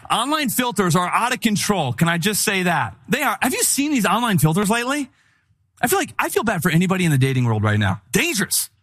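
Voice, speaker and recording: Man, pastor, conversational sermon, animated, candid, humorous asides, slightly high voice.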